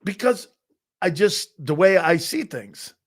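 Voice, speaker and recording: Animated middle-aged man with a fairly high voice. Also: slow pace. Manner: animated, emphatic storyteller who swears freely. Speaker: sports talk show host. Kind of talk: live sports talk with personal stories.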